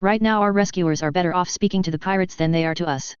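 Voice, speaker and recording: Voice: mid-range voice, fast, clear, resonant tone, no room sound, lo-fi sound, close to an everyday voice. A narrator voicing a small, practical female alien in a suit who explains things plainly. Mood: matter-of-fact. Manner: plain, matter-of-fact, explaining.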